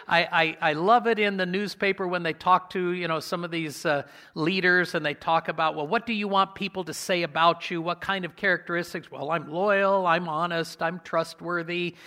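A man preaching a sermon in a conversational way, asking his congregation questions and slowing down to stress key words. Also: sits high, steady tone, bright, forceful tone. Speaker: pastor.

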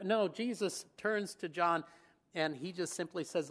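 A man's voice: high voice, unhurried, a bit bright. A man preaching a sermon in a conversational way, asking rhetorical questions and chuckling now and then.

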